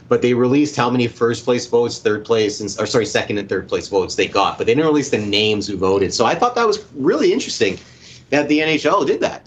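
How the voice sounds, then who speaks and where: Canadian dude cohosting sports talk, mid pitch, chatty, goes off topic a lot. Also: male voice. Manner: chatty, agreeable, jumps between topics. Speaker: sports show co-host.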